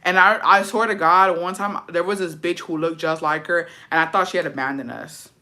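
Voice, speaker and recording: A woman vlogger reads viewer comments aloud and reacts to each, telling animated stories in a blunt, slangy style and swearing freely. Her voice is on the low side yet bright and ringing, and she speaks fairly quickly.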